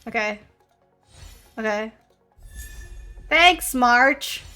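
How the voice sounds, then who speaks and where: A woman's voice: on the high side, animated, extremely slow, music in the background. A young woman streamer giving casual gameplay commentary, swearing and playing up mock-dramatic self-pity.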